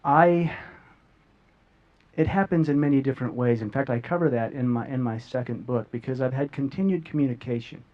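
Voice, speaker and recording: A man's voice: mid-range voice, fairly quick. A middle-aged man earnestly sharing a personal story as a guest, often repeating words as he goes. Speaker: guest speaker. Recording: dull lo-fi audio.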